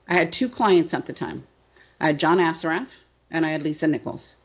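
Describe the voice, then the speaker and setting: A woman's voice: fairly low pitch, normal speed, husky, lo-fi sound. A middle-aged woman business coach telling her story in an interview, emphatic and repetitive, often asking "right?".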